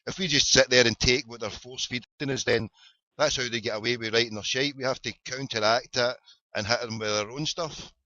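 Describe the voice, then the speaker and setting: A man's voice: medium pitch, steady tone, a little fast, bright, forceful tone, no room sound. A middle-aged Glaswegian man hosting an internet radio show, chatting casually, rambling, swearing and repeating his words. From Scotland. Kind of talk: casual phone-in chat. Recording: dull lo-fi audio.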